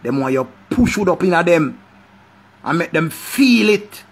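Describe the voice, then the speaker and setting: Jamaican male vlogger, fairly high voice, animated and repetitive, profane commentary. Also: unhurried, vocal fry, breathy edge. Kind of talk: casual commentary.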